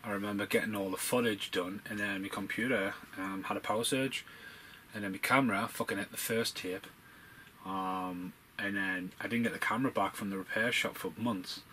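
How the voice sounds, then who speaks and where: Casting note: man, low-pitched, loose and sweary, excitable movie-commentary rambler; faint room ambience behind. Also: normal speed, a little hiss or hum, low-quality recording. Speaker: film commentary podcaster.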